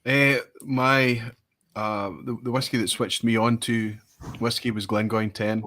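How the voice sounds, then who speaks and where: A man, a whisky reviewer, telling an animated, self-mocking story in casual chat over a video call. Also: mid-range voice, unhurried. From Scotland.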